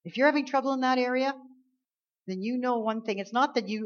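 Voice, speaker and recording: A woman preaching a sermon, dropping to soft, low lines and then rising into loud, drawn-out emphasis. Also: dull audio.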